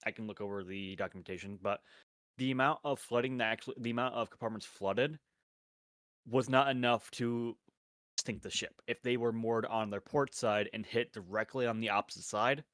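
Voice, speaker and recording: Man, low voice, dry close mic, casual chat, rambling, restarts sentences. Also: fairly even intonation, moderate pace, fairly bright tone, no room sound. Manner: rambling, restarts sentences, talks while eating.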